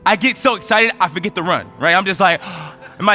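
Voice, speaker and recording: Male motivational speaker, thirties, high ringing voice, energetic storytelling over faint music. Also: normal speed. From United States. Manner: energetic storytelling, voice rising with emotion. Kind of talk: motivational speech.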